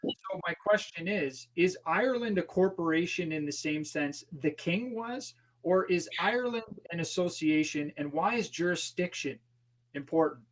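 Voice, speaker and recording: A man's voice: on the high side, moderate pace, rough recording. A man hosting a casual podcast discussion, rephrasing himself as he leads into his questions. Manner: leading questions, rephrases and restarts. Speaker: podcast host asking questions.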